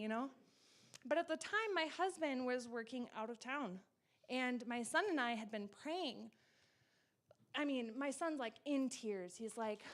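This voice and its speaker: A woman in her thirties telling a personal faith story in casual talk, laughing often and acting out quoted lines in excited bursts. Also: sits high, moderate pace. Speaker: guest sharing her testimony.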